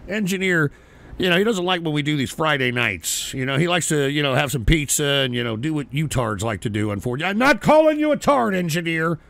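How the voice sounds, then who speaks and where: A man's voice: on the high side, animated, fast talker, vocal fry, a bit bright, no echo. Rowdy, profane call-in show host, man. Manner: rowdy, swearing, mock-rants at trolls. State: drinking shots on air.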